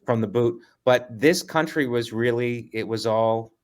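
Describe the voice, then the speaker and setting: Deadpan teasing male podcast co-host. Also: medium pitch, measured pace. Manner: deadpan teasing, keeps saying his partner's name. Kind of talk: casual comedic chat.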